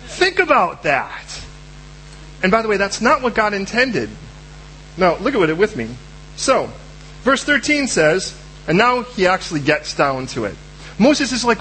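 Animated high-voiced male preacher. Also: normal speed, slight background noise, low-quality recording. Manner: animated, acts out voices of Bible figures. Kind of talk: sermon.

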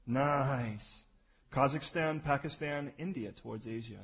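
Pastor guy preaching, husky and kinda high, jokey, goes loud then drops way down. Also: brisk, low-quality recording. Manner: animated, jokey, swings from loud bursts to low asides. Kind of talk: sermon.

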